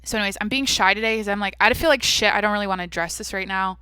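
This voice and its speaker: Young woman, solo podcast host, blunt and foul-mouthed, tense bright voice, no room sound. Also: medium pitch, very fast, smooth, dry recording, clean studio sound. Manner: brash, profane, blunt. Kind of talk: casual solo podcast chat.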